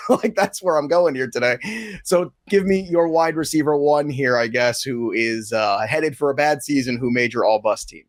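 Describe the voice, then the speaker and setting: Man, podcast host, casual chat, jokey, slightly high voice. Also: a little fast. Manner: joking, prone to laughing fits.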